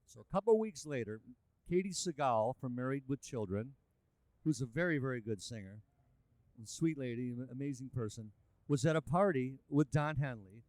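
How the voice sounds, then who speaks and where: A man spins a story with lively, animated energy at a middle pitch. His voice sounds close and dry, with no room around it. He is a musician and producer chatting casually as a guest. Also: moderate pace, no room sound. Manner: animated, lively anecdotal delivery.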